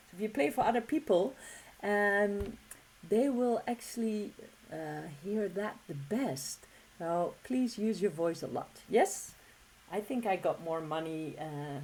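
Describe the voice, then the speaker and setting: A woman giving a relaxed, encouraging music lesson, talking casually with frequent fillers and restarts. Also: on the low side, poor audio. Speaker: didgeridoo teacher.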